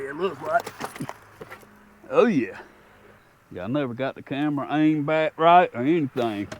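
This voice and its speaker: A man talking casually in a fishing vlog from a small boat, folksy and excitable with a laid-back drawl. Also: medium pitch, slight background noise. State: out of breath at times. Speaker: fishing vlogger. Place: small jon boat on open water.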